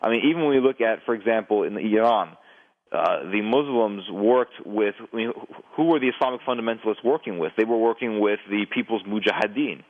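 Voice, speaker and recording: A man's voice: fairly low pitch, a little fast. A man giving a lecturing explanation as a guest on a radio show, often stammering and restarting his sentences. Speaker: guest expert on terrorism. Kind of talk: radio phone interview. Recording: tinny phone line.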